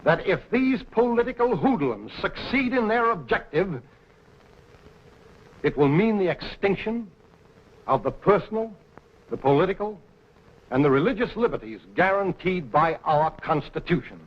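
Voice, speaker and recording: An impassioned anti-Nazi publisher. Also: male voice, sits high, sing-song, moderate pace, breathy edge, full character voice. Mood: urgent. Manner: impassioned, oratorical. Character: impassioned anti-Nazi newspaper publisher, middle-aged man. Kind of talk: 1940s film acting. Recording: dull lo-fi 1940s film sound.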